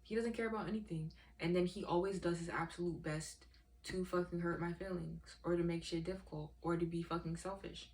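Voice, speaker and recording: Woman with a lowish voice, venting hard to camera, swearing and emphatic. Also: steady tone, fairly quick, darkish tone. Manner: profane, heated and emphatic; exasperated storytelling. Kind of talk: emotional rant vlog.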